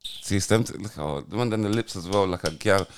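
A man's voice: low voice, a little fast, slight background noise. A man, co-hosting a podcast in teasing, slangy banter. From UK, Jamaican heritage. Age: 40s. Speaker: podcast co-host. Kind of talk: casual banter.

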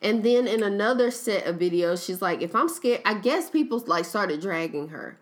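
A woman's voice: medium pitch, moderate pace. Young woman, podcast co-host, chatty storyteller who acts out quotes. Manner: animated storytelling, retells quotes, laughs at her own stumbles. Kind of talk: casual chat.

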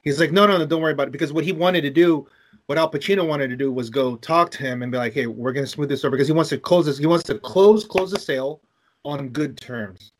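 A man co-hosting a casual gaming podcast, his voice sitting a bit higher than most men's. He talks in an animated way, swears freely and gets carried away retelling stories. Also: fast. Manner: animated, swearing, tells long movie stories. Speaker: podcast co-host. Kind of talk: casual chat.

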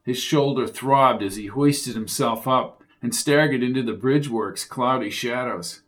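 A man reading a crime thriller audiobook with steady, driving storytelling. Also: medium pitch, measured pace. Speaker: audiobook narrator. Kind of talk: scripted thriller narration.

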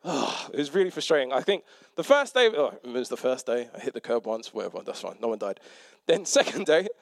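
A man's voice: medium pitch, fairly quick, vocal fry, no room sound, studio quality. A young man giving a conversational sermon, telling a story with self-mocking humour and acting out the people in it. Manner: animated, self-mocking, acts out quotes. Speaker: preacher and teacher.

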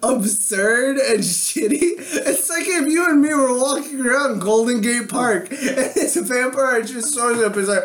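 High-voiced laughing podcast guy. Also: a little slow, hardly any pauses. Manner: animated, laughs a lot, swears freely. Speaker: podcast co-host. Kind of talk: casual chat.

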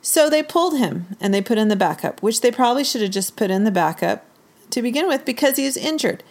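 A woman's voice: a little high, fairly quick. Ranting woman sports fan. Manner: animated ranting, exasperated. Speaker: podcast co-host. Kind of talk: casual sports chat.

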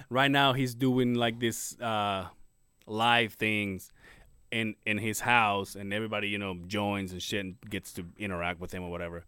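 A man's voice: lowish voice, flat delivery, measured pace, sharp tone, clear, resonant tone, no room sound, studio quality. A man co-hosting a casual podcast, telling jokes in a rambling, profane way with many restarts. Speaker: podcast co-host.

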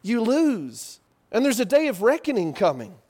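A high-voiced man preaching a sermon in a lively, conversational way. He keeps throwing rhetorical questions at his listeners as he tells the story. His pitch swings widely from high to low. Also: moderate pace.

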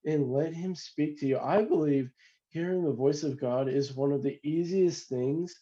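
A man's voice: on the high side, moderate pace, mellow, muffled recording. A man in a devotional talk, encouraging listeners to open their Bibles and listen. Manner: encouraging, plain-spoken.

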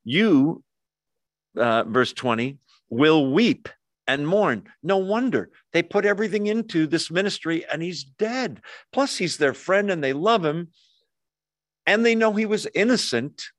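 A male pastor preaching a conversational sermon, acting out quoted voices with lively asides. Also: on the high side, unhurried, dry recording.

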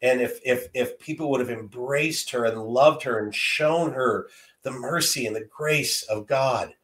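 As a guest, a man in his fifties tells a heartfelt personal story, speaking earnestly and often repeating words while gathering his thoughts. His mid-range voice is a bit bright and a little slow, with a roomy echo.

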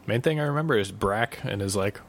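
A man in his thirties co-hosting a casual podcast while sick, clearing his throat now and then, chatty and jokey. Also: fairly low pitch, a little fast. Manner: chatty, laughs often, jokey. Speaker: podcast co-host. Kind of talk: casual chat.

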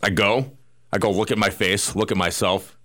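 Low-voiced man rambling through a story. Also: fairly even intonation, normal speed, pushed and bright. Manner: rambling storyteller with frequent restarts and acted-out asides. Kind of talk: casual studio chat.

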